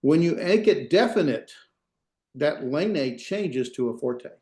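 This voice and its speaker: A man's voice: fairly high pitch, expressive, takes it slowly, dark tone, echoey room. A male instructor giving an online class lecture, patient and step by step, often checking in with "right?" and quizzing his students.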